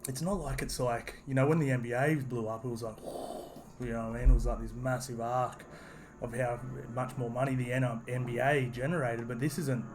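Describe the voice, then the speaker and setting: A man's voice: medium pitch, fairly even intonation, moderate pace. A man giving a casual, rambling opinion monologue, full of restarts and "you know"s. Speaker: sports commentary vlogger.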